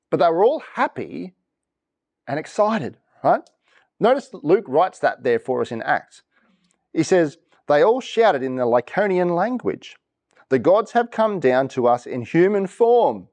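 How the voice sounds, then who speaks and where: This is a man giving a church sermon. His voice sits a little high and moves a lot, rising and falling with each point. He keeps turning to the congregation to ask whether each verse is good or bad news. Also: unhurried. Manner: lively, asks congregation for reactions. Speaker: preacher. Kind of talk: interactive sermon.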